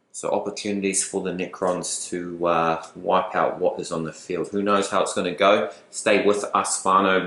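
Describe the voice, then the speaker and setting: A man's voice: on the low side, a bit bright, reverberant. A man casually commentating a tabletop wargame battle, chatty with playful asides. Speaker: battle report host.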